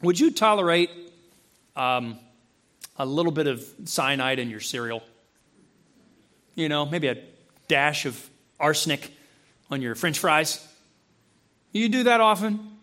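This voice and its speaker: A man preaching a sermon to his congregation, asking them questions and acting out voices, swinging between loud, high emphasis and low, quiet intensity. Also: expressive, measured pace, pauses often. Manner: acts out quoted voices and asks the congregation questions. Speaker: pastor. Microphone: handheld or stand mic, close.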